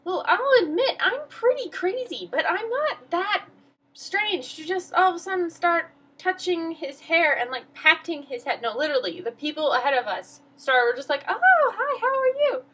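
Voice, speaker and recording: A woman's voice: very high-pitched, animated, moderate pace, fairly bright tone, rough recording. A teenage girl vlogging, telling a story in a rambling, flustered, self-mocking way. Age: teens. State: emotional. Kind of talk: casual storytelling vlog.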